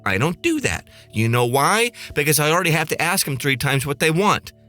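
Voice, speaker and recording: A man's voice: a little high, big pitch swings, brisk, pushed and bright, faint music behind. A man hosting a podcast, ranting in a snarky, profane, sarcastic way. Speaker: podcast host and flight attendant. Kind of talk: comedic rant.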